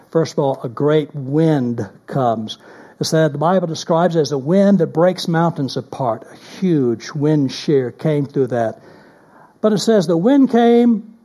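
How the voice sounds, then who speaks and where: Mellow-voiced man preaching a sermon. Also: on the high side. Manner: animated, shifting from loud emphasis to hushed near-whisper. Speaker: pastor.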